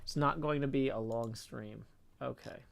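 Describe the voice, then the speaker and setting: A tired man giving casual live game-stream commentary as a streamer, talking to himself and reading chat aloud with soft muttered asides. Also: mid-range voice, moderate pace, creaky.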